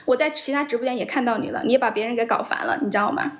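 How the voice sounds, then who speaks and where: A woman's voice: a little high, rapid-fire. A young woman hosting a casual livestream, chatting blunt and teasing with viewers and laughing often. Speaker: livestream host. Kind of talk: casual livestream chat, mixing English and Chinese. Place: based in Shanghai.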